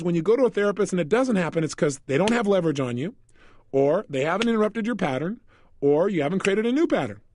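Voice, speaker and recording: A man's voice: high voice, darkish tone, no room sound, studio quality. A man coaching listeners in a recorded motivational lecture, telling a story with lots of energy and laughing often. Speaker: self-help coach.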